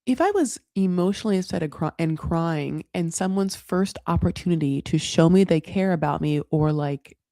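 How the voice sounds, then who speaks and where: A woman's voice: on the low side, expressive, moderate pace, hardly any pauses, mellow, no room sound, studio quality. A woman hosting a casual reality TV recap, chatty and frank, swearing freely and putting on dramatic voices when she quotes people. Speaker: recap show host.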